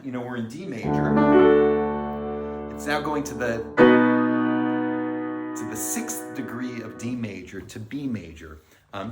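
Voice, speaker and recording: A middle-aged man, a music director, giving a pre-concert talk and explaining the music in an unhurried, friendly lecturing way. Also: on the low side. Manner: explanatory, counts beats aloud and sings themes. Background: piano.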